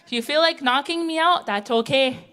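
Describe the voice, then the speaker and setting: A woman's voice: high voice, fairly quick, fairly bright tone. Brash, blunt woman doing stand-up. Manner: blunt, brash, tell-it-how-it-is. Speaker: stand-up comedian. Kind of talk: stand-up comedy set. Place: theatre stage, live audience.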